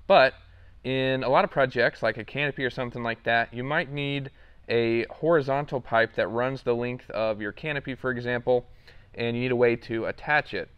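A young man hosting a casual product walkthrough, relaxed and rambling with lots of fillers. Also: medium pitch, moderate pace, clean tone, no room sound, highs cut off. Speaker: product demo host.

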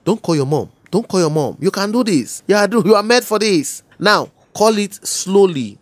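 A woman's voice: medium pitch, expressive, normal speed, no room sound, close to an everyday voice. A woman playing a scheming male phone scammer who poses as a banker, coaxing and stammering when flustered. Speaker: comedy skit actor. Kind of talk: comedy skit acting.

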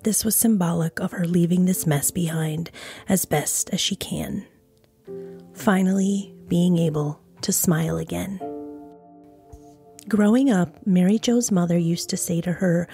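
A woman's voice: lowish voice, unhurried, gravelly, warm tone. A woman hosting a true crime podcast, reading a scripted narration with frank, blunt, conversational asides. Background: music.

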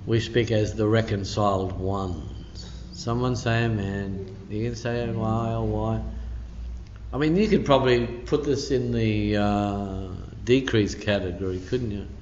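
A man's voice: fairly low pitch, a little slow, a little mellow, a little hiss or hum. A man pastor giving a midweek church teaching in a conversational, emphatic way, full of asides. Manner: conversational and emphatic, peppered with "you know". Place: church hall. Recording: dull echoey church recording.

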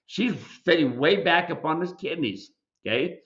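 A man's voice: on the high side, moderate pace, fairly bright tone, muffled recording. A man who owns a mule ranch, hosting a live Q&A and lecturing viewers in an emphatic, folksy way. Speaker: mule ranch owner and show host. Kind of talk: live video Q&A commentary.

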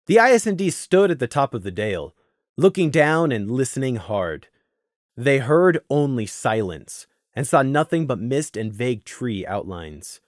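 A man narrating a story in a lively, expressive reading voice. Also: mid-range voice, normal speed, no room sound, studio quality. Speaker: audiobook narrator.

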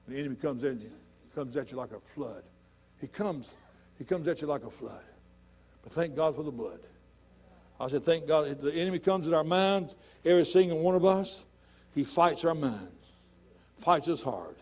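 A middle-aged man preaching a sermon in a church, folksy and conversational, building to loud emphatic points. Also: a little high, expressive, moderate pace, soft background music. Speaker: pastor.

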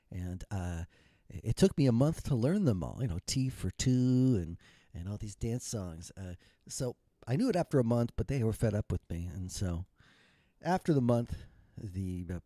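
A man in his fifties tells his story in a wry, rambling, self-mocking way. His voice is lowish and mellow. The sound is dry and close, with no room around it. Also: no echo. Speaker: retired musician telling his story. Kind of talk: humorous storytelling monologue.

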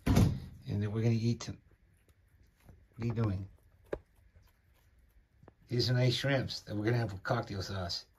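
A man's voice: lowish voice, fairly even intonation, a little slow, long pauses, background noise. A man filming at his mountain home, chatting and teasing his cat in a casual way. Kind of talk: casual talk to a pet. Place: rural mountain home by a fire. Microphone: handheld camera.

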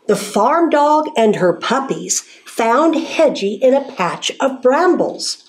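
A woman from a zoo staff reading a children's storybook aloud in a gentle, sing-song way, with hushed asides. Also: sits high, very animated, slow pace.

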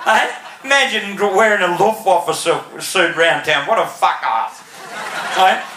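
A man's voice: high-pitched, a little slow. A man with an Australian accent telling a crude stand-up story, laughing and swearing as he goes. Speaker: stand-up comedian. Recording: roomy live comedy album with crowd noise.

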